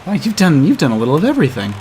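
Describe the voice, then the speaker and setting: A man co-hosting a casual let's-play stream, chatty and playful, quick to joke. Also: fairly high pitch, huge pitch swings, dark tone, a little hiss or hum. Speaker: co-host of a game stream. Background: video game music.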